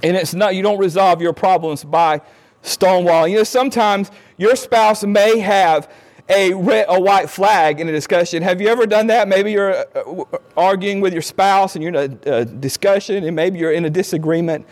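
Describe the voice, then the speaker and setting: Middle-aged man, high voice, earnest conversational talk on marriage, acts out quoted lines. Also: moderate pace, a little mellow. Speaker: speaker on marriage. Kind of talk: informal talk on marriage advice.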